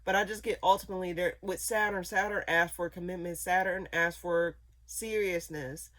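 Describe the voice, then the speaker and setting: A woman's voice: on the low side, fairly even intonation, moderate pace, fairly bright tone. A woman giving a casual tarot reading, talking in loose rambling sentences full of fillers, restarts and repeated phrases. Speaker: tarot reader.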